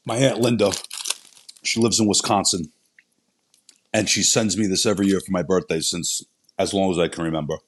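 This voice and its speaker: A man's voice: deep voice, slightly rough. A man co-hosting a podcast in casual chat, throwing in wisecracks and dry jabs. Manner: wisecracking, quick with deadpan jabs. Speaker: podcast co-host.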